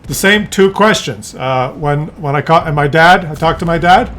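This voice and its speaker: A middle-aged man telling a family story in a casual vlog, animated and laughing often as he acts out voices. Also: a little high, moderate pace. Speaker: content creator.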